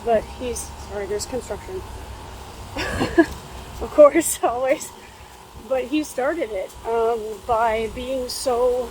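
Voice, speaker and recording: A woman in her thirties casually vlogging while walking, talking in an earnest, rambling way with frequent pauses. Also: a little high. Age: 30s. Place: outdoors on a city street with construction nearby. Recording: traffic and construction noise behind.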